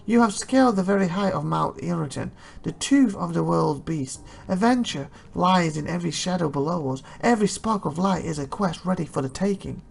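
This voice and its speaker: A man's voice: on the high side, lively intonation, moderate pace, gravelly, few pauses, slightly rough, pitched above the performer's own voice, exaggerated voice. A man voicing a grand, proud elderly knight in a game, declaiming in flowery lines. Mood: solemn.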